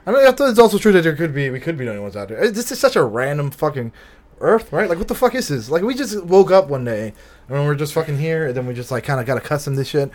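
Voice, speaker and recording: A man's voice: a little high, big pitch swings, fast talker. A man chatting casually on a podcast, loose and profane, laughing between thoughts. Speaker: podcast co-host.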